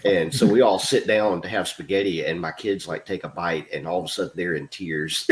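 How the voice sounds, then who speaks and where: A man with a slightly low voice, chatting at a round table. He tells stories in a lively way and laughs often. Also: fast, few pauses. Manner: animated storyteller, laughing often. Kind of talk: casual chat.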